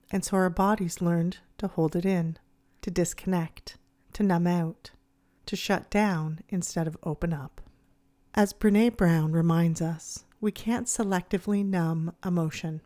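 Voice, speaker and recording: A woman hosting her podcast, narrating in a calm, gentle, measured way. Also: on the low side. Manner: gentle, soothing, measured delivery. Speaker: podcast host.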